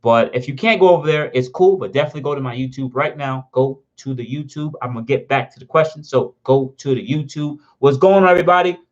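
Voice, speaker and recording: A man hosting a casual car livestream, reading chat and answering questions in an excitable, rambling way. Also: mid-range voice, quick pace, few pauses, highs cut off. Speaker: car channel host answering live chat.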